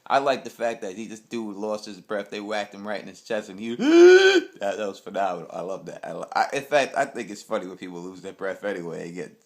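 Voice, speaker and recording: A man's voice: on the low side, fast. A young man from Queens, giving a casual, rambling TV episode recap full of blunt street slang. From Queens, New York. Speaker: TV recap host.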